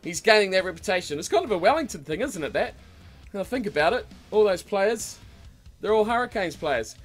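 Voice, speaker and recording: New male host, high pitch, loose rambling chat, faint music under the voice. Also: brisk. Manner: relaxed, rambling, frequent ums and uhs. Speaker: podcast host. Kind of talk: casual rugby chat.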